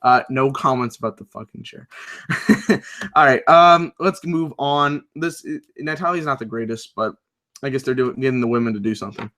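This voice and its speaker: Young man, bright forceful voice, wrestling show review, chatty and rambling, filler-heavy. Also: medium pitch, moderate pace. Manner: loose, rambling, many fillers, reads live chat aloud. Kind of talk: casual recap and commentary.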